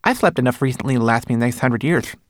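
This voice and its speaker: A man voicing a tiny, fussy male homunculus with a thin, piping voice and quick, fretful questions. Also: mid-range voice, dry recording, studio quality, pitched above the performer's own voice, natural voice.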